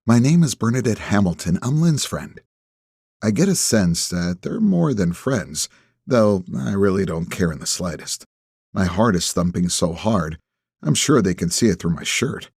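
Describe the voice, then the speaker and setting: Husky, low-voiced male audiobook narrator. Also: animated, unhurried, a little mellow, dry recording, clean studio sound. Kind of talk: first-person audiobook narration.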